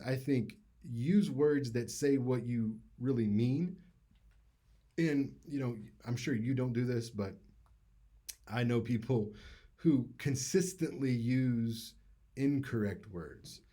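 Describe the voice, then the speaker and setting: Mellow-voiced male speech instructor. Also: mid-range voice, takes it slowly. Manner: conversational, uses many fillers. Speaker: public speaking instructor. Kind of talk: casual lecture.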